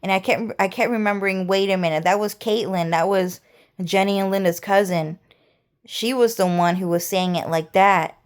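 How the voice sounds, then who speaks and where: Smooth-voiced woman rambling to camera. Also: mid-range voice, moderate pace. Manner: rambling, repeats words and restarts phrases. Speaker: vlogger. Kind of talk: rambling monologue.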